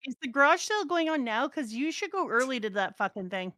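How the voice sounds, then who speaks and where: A middle-aged woman talks casually with her grown child, blunt and freely profane. Her voice sits a little high and comes across smooth. The sound is close and dry. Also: sing-song, fairly quick, pushed and bright, dry recording. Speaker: co-host, mother of the host. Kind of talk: casual chat reading chat comments.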